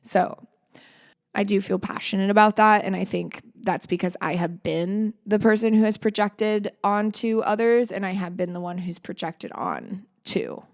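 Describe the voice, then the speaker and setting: A woman hosting a solo podcast, talking in an earnest, reflective and encouraging way, letting phrases trail off softly. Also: medium pitch, steady tone, normal speed, gravelly. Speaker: podcast host.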